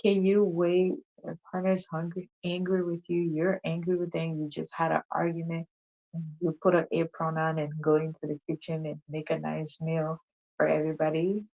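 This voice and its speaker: A woman's voice: sits low, monotone, moderate pace. A woman hosting a casual talk show, chatting to listeners and posing rhetorical questions. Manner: conversational, asks rhetorical questions, addresses audience as y'all. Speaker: host. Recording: dull lo-fi sound.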